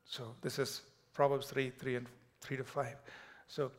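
A pastor delivering a sermon, swinging between loud declarations and hushed, whispered lines. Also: male voice, mid-range voice, level tone, a little slow.

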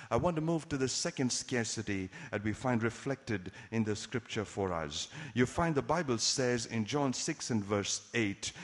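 A man's voice: medium pitch, in a large hall. A man preaching a sermon, telling dramatic stories and posing rhetorical questions to his congregation.

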